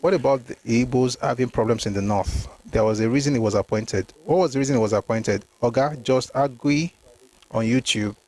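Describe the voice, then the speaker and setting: A man hosts a history livestream, reading documents aloud and commenting on them emphatically. His medium-pitched voice is fairly quick and a little mellow. He addresses viewers by name and mixes in Yoruba phrases.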